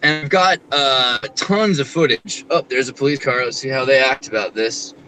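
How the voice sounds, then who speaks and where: A man's voice: medium pitch, normal speed, sharp tone, slight background noise, low-quality recording. A man vlogging from inside a car, rambling and joking, peppered with fillers. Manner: rambling, peppered with "like", jokey asides. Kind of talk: rambling joking chat while driving.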